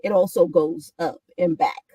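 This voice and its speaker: New york woman on a talk show, low husky voice, thinks out loud, bit far from the mic, dry sound. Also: fairly even intonation, moderate pace, no echo. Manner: reflective, with many restarts and "right?" tags. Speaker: guest. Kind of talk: casual conversation.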